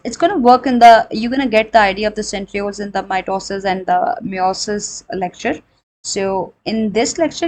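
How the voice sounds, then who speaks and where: A woman's voice: medium pitch, rough recording. Woman, biology teacher, explanatory lecture, repeats points. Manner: explanatory, repeats and rephrases points, frequent fillers; switches into Hindi for examples. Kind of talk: recorded classroom lecture.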